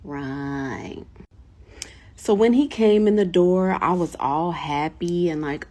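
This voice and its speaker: A woman telling a personal story to camera in a casual storytime, animated and laughing, acting out quotes. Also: slow. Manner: animated, laughing, acts out quotes with big pitch jumps. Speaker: storyteller vlogger.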